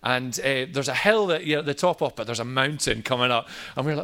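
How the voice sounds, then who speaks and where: A man in the pulpit, sharing his testimony with a bright, forward voice. He tells the story casually and lifts into livelier quoted moments. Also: medium pitch, fairly quick, hardly any pauses. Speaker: pastor. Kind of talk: personal testimony talk.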